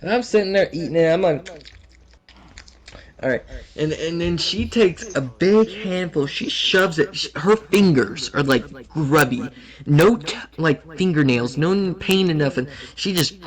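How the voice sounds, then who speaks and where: A young man telling a rambling, crude story in casual chat, animated and often laughing. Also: on the high side, unhurried.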